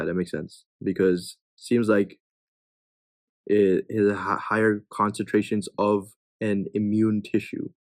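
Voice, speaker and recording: A man's voice: fairly low pitch, a little mellow, no echo. A young man tutoring test questions in a casual way, reading each answer choice and thinking aloud as he rules it in or out.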